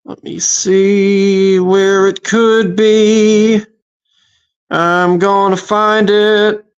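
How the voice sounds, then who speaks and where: Recap host talking real slow, lots of uh and um, agreeing along. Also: medium pitch, level tone, clean tone, dull audio. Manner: agreeable, chiming in, hesitant fillers. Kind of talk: casual commentary.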